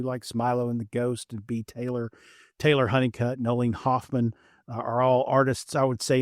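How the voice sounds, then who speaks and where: A middle-aged man with a light Kentucky twang hosts a podcast in a dry, close-sounding setting. He talks in an easygoing, rambling way and pokes fun at himself. His voice sits at an ordinary middle pitch. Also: dry recording. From Appalachian Kentucky. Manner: relaxed, rambling, self-deprecating. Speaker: podcast host. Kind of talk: casual podcast chat.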